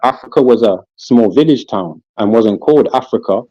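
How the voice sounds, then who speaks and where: A man with a British accent in a lively, slangy podcast discussion, repeating "listen" as he makes his points. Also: medium pitch, moderate pace, slightly rough, no room sound, dull audio. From England. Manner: animated, street slang, repeats "listen" and "you know what I'm saying".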